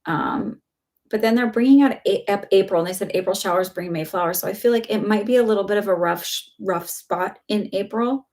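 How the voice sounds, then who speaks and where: A woman's voice: medium pitch, a little fast, darkish tone. A woman giving a live psychic reading, chatty and reassuring, with lots of fillers. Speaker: psychic reader. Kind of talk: live-stream reading, casual chat.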